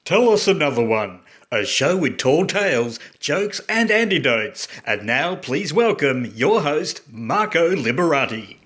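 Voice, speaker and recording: Brief: male voice-over announcer, lively pitch, slow showy intro, faint noise. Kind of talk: scripted show introduction.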